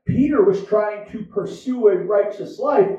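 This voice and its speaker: A man's voice: high voice, measured pace, warm tone. A man preaching a sermon as pastor, in a conversational style that repeats its points. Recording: echoey, dull sound from far off.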